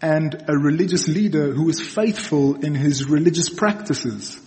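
A man's voice: fairly high pitch, normal speed, a little mellow. A young adult man giving a sermon in a conversational storytelling manner, checking in with the audience often. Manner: conversational storytelling, frequent okays and restarts. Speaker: preacher. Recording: long reverb in a large hall.

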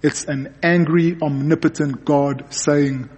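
A man delivers a sermon in an earnest voice that sits a little high for a man. He presses his points by repeating words, and his voice rings with the long reverb of a hall. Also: unhurried, a little mellow. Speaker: pastor.

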